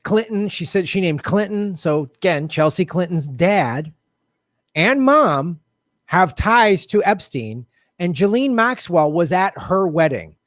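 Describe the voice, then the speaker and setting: A man's voice: high voice, slow, no room sound, clean studio sound. A man hosting an online political commentary show, talking bluntly and sarcastically and swearing often. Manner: sarcastic and animated.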